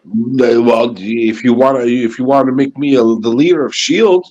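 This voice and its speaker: A man's voice: medium pitch, normal speed, a little mellow. A man joking and arguing in a casual stream chat. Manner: joking, argumentative. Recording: dull lo-fi stream audio.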